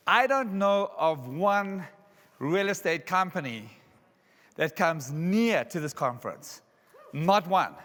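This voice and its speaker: A man from South Africa with a South African accent, giving an energetic, jokey motivational talk at a conference. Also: high-pitched. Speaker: keynote speaker. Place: large resort conference hall. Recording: reverberant hall.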